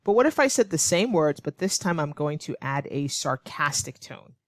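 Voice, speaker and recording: A woman teaching English online, explaining clearly and patiently, now and then acting out example lines to show tone. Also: deep voice, sing-song, moderate pace, no echo, clean studio sound. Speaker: ESL teacher.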